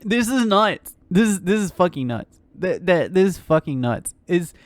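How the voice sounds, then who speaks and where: A woman's voice: fairly low pitch, expressive, moderate pace, darkish tone, dry recording. Ranting, swearing woman streamer, dry sound. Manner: ranting, swearing, laughing, with lots of fillers. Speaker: streamer and news commentator. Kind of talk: casual live-stream reaction commentary.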